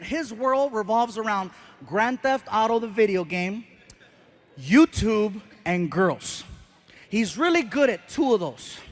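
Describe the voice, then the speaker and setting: Stand-up comic, man in his forties, strikingly high voice, animated and punchy, live stage with a faint hum. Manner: animated, punchy, acts out characters. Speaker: stand-up comedian. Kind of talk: stand-up comedy storytelling. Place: stage before a live audience.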